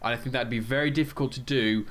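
A man's voice: mid-range voice, steady tone, fast talker, fairly bright tone. Enthusiastic man hosting a podcast chat. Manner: enthusiastic, restarts his sentences. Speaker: podcast host leading the discussion.

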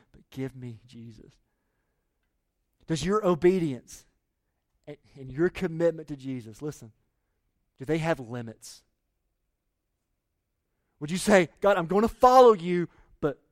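A male pastor preaching a sermon in a conversational way, full of rhetorical questions and swinging between loud pleas and quiet asides. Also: a little high, no echo, studio quality.

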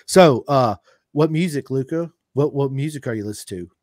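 Keen male host, slangy and excitable, middle pitch, dry close recording. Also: moderate pace, no echo. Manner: enthusiastic, says dude a lot. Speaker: podcast host. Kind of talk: casual interview chat.

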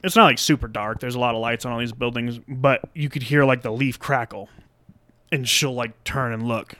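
A man's voice: mid-range voice, steady tone, moderate pace, fairly bright tone. A man in a middle register rambles through anecdotes on a casual podcast, swearing freely and slipping into acted-out quotes. The sound is dry and close to the mic with no room echo. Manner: profane, rambling, acts out voices in anecdotes. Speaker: podcast co-host.

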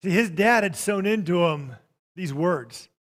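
A man preaching a sermon, emphatic and repetitive, dropping to a softer tone for quoted scripture. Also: high voice, expressive, a little slow. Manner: emphatic, repeats phrases, drops to soft tones for quotes. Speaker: pastor.

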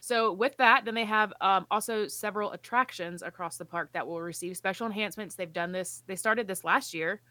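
A woman's voice: medium pitch, fairly quick, hardly any pauses, bright, forceful tone, no room sound. A woman co-hosting a casual podcast, reading park news aloud with playful asides. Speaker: podcast co-host.

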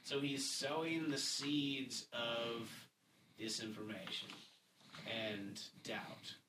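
A man's voice: medium pitch, fairly even intonation, takes it slowly. Man commentating from a distance. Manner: reads quotes aloud and then comments. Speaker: podcast co-host. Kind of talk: casual political commentary. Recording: roomy, distant mic with background noise.

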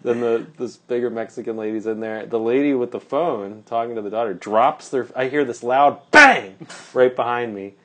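A man's voice: medium pitch, normal speed, fairly bright tone. A man casually telling a rambling story on a podcast, with lots of fillers and laughs.

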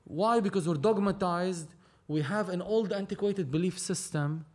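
A man's voice: sits high, moderate pace, darkish tone. A man from Lebanon, talking animatedly as a podcast guest, repeating himself as he goes. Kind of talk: casual conversation.

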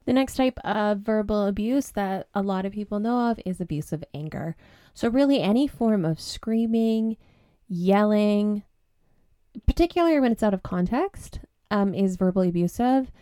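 A woman's voice: medium pitch, lively intonation, normal speed, warm tone, clean tone, dry recording, clean studio sound. A young woman hosting a podcast, speaking earnestly and candidly, with some fillers. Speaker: podcast host and breakup coach. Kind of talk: personal podcast talk.

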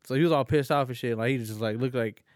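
A man telling a work story in casual chat, profane and animated with quoted lines. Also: mid-range voice, fast talker, dry recording, clean studio sound. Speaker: warehouse lead.

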